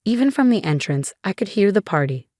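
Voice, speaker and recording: A woman reading a scripted first-person story in an even, measured way. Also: medium pitch, no echo, studio quality.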